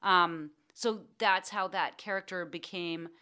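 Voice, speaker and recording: Bright-voiced woman telling stories. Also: unhurried, clear, resonant tone. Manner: animated, acts out quotes in a high excited voice. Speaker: guest actor. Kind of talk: casual interview storytelling.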